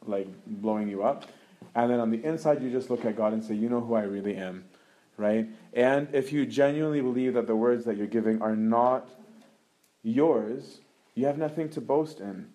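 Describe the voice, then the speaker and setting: A man's voice: medium pitch, dark tone. A young adult man giving a casual talk as a religious teacher, often adding "right?" as he goes. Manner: conversational, keeps adding "right?".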